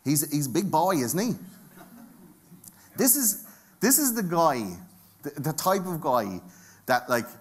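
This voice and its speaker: A man's voice: fairly high pitch, big pitch swings, slow pace, pauses often, slightly rough. A man with an Irish accent giving a jokey, profane conference talk and bantering with the audience from the stage. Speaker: conference speaker. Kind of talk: comedic live talk.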